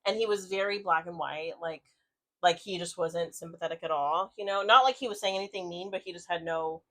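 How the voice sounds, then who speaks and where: A woman co-hosting a podcast tells a personal story, rambling casually with lots of fillers and swearing. Her voice is lowish and a bit bright, and she talks a little fast.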